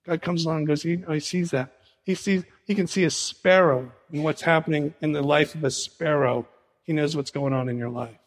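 Guy preaching a lively sermon, slightly higher voice, echoey church hall. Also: moderate pace. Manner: animated preaching, acts out dialogue with Jesus. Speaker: pastor.

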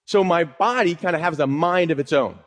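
In a hall with long reverb, a male pastor with a voice on the high side preaches fairly quickly. His sermon is conversational teaching, quoting scripture and asking rhetorical questions.

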